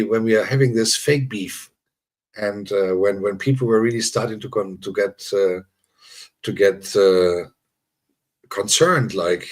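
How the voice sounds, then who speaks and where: A man with a low, husky voice chats casually with his live audience. He teases them, laughs a lot and circles back over the same lines as he goes. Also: fairly even intonation, normal speed, pauses often. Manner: teasing, laughs often, repeats himself. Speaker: livestream host. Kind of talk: casual chat with live viewers.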